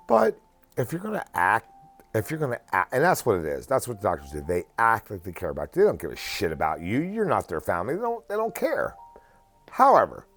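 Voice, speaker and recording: A man in his forties telling a story in a blunt, profane, exasperated rant. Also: on the low side. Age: 40s. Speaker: vlogger. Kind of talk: casual ranting story.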